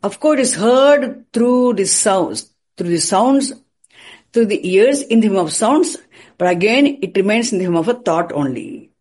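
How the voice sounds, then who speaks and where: A teacher lectures a class in a husky, breathy voice at a middle pitch. The delivery is explanatory and repetitive, circling back over phrases and throwing out questions only to answer them. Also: lively intonation, measured pace, darkish tone. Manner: repeats and restarts phrases while explaining.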